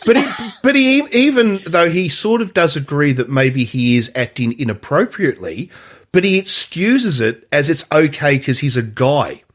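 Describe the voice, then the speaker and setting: A man co-hosting a movie podcast in casual conversation, often pausing and restarting his sentences. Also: a little high, animated. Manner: halting, many restarts and fillers. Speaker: podcast co-host. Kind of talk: casual movie review chat.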